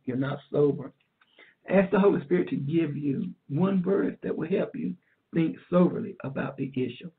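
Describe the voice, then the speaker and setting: A woman evangelist teaching a sermon in an earnest, repetitive way, warmly calling her listener "dear heart". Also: low-pitched. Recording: tinny phone line.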